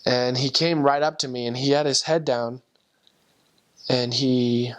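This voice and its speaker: A man's voice: mid-range voice, steady tone, unhurried. A young man, a returned missionary, earnestly telling a personal story with heartfelt emotion and frequent restarts.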